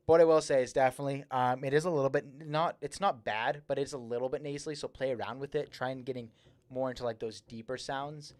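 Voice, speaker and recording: A man's voice: medium pitch, fairly even intonation, quick pace, darkish tone, dry recording. Rambling young man hosting a music stream. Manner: rambling, repeats words, many fillers; says he slurs his S's a little. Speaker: livestream host reviewing music submissions. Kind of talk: casual livestream feedback.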